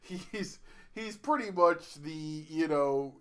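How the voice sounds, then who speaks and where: Rambling man, slightly high voice. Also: clear, resonant tone. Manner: rambling, halting, self-interrupting. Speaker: podcast co-host. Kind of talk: casual podcast chat.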